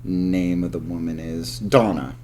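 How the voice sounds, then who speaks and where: A man's voice: deep voice, steady tone, unhurried, dark tone. A man co-hosting a podcast and reviewing a film in casual chat, swearing freely and laughing often. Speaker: podcast co-host. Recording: roomy room with faint hum.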